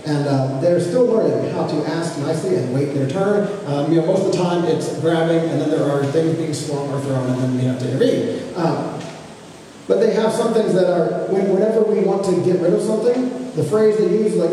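A man in his thirties preaching a conversational sermon as pastor, gentle and unhurried, often restarting his phrases. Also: a little high. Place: church sanctuary. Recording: echoey hall, from far off, faint noise.

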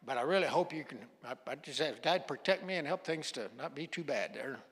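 In a church sanctuary, a guest pastor shares a sermon story in folksy fashion, voicing each line of dialogue. His expressive voice runs on the high side, brisk, a bit bright and slightly rough, with a long hall reverb around it.

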